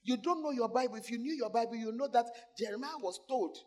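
A man's voice: very high voice, quick pace. A man pastor preaching a sermon, calling out to the congregation and laughing between points.

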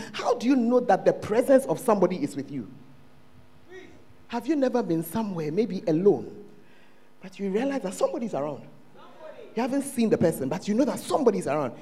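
Here a pastor with a Ghanaian English accent delivers a sermon in church, his voice high-pitched and slightly rough. He moves back and forth between shouted lines and hushed asides.

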